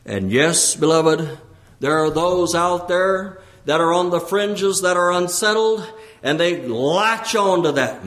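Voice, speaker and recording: Preaching man with a fairly high voice. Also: slow pace, a bit bright. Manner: repeats phrases, rises in pitch when exhorting; frequent throat clearing and restarts. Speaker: pastor. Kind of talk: sermon.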